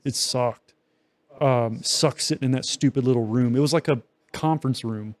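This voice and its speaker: A man's voice: mid-range voice, normal speed. A young man co-hosting a podcast, telling a long story in loose, profane casual chat with many fillers. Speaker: podcast co-host.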